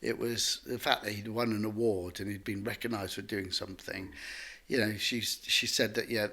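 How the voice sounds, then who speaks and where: A man, a guest telling stories in a lively, rambling way full of restarts. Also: on the low side, moderate pace. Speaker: guest artist. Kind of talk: conversational storytelling.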